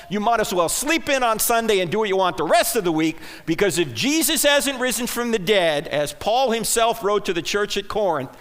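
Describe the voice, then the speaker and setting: Guy preaching to a church crowd, high lively voice, jokey, fires off questions. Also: big-room sound. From New Jersey. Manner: punchy, joking, rhetorical questions. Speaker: conference speaker. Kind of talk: sermon-style talk to a live audience. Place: church auditorium.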